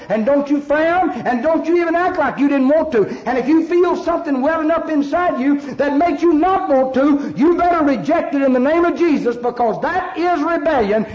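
High-voiced man preaching a fiery sermon. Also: a little mellow. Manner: emphatic, storytelling, repetitive preaching cadence. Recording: echoey lo-fi church recording.

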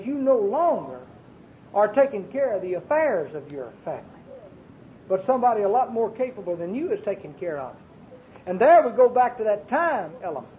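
A Baptist preacher, preaching an emphatic, storytelling sermon with many repeated phrases. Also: male voice. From Arkansas, US. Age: 40s. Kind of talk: fervent sermon. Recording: tinny lo-fi recording with faint hiss and rumble.

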